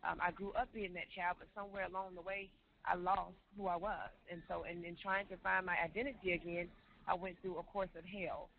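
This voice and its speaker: A woman's voice: on the low side, flat delivery, fairly quick, vocal fry. A woman in her forties sharing her personal testimony as an interview guest, telling her story with emotion and repeating phrases. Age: 40s. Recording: tinny phone-line sound, faint noise.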